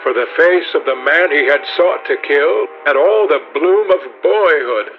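A man narrating a classic novel in a measured, dramatic reading style. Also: a little high. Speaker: audiobook narrator. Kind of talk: scripted narration. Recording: dull lo-fi audio with faint music.

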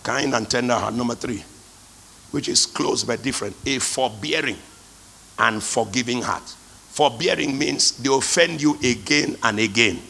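Gravelly preacher in a reverberant hall. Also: male voice, mid-range voice, bright, forceful tone. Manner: emphatic call-and-response preaching. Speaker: pastor. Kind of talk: sermon.

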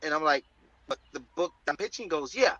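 A man guest on a comics interview show, telling an excitable, animated story and acting out the voices in it. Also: fairly high pitch, brisk, no echo, dull audio. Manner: excitable, acts out quoted voices.

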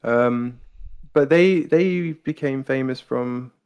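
British man, casual guest chat, gravelly voice, rambling with fillers. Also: mid-range voice, slow, darkish tone, dull audio. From Britain. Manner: chatty, laughs often, many fillers. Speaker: guest impressionist.

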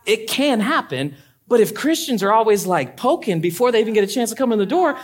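Animated conversational pastor preaching. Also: male voice, high-pitched, a little fast. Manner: conversational, animated preaching with rising emphatic peaks. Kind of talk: sermon.

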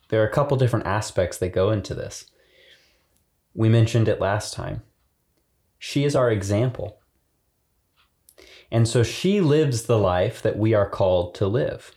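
Slow, mellow-voiced priest explaining. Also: male voice, fairly low pitch. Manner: slow, thoughtful, laughs easily. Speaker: priest podcast co-host. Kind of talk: casual theological explanation.

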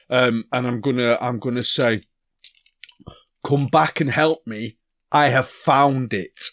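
A man's voice: medium pitch, fairly bright tone, no room sound, clean studio sound. A man playing a tabletop game, casually and a bit hesitantly explaining what his character does. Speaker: player.

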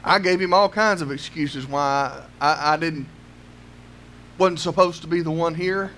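A man's voice: a little high, a little slow, fairly bright tone, a little hiss or hum. A man preaching a sermon, pressing his listeners with rhetorical questions and repeating words as he builds his point.

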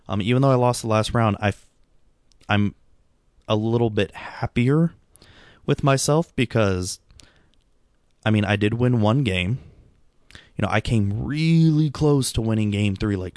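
Gravelly, self-critical man musing aloud. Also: lowish voice, a little mellow, no room sound, studio quality. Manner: rambling, self-critical, many restarts and fillers. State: tired, subdued. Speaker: vlogger. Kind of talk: reflective casual monologue.

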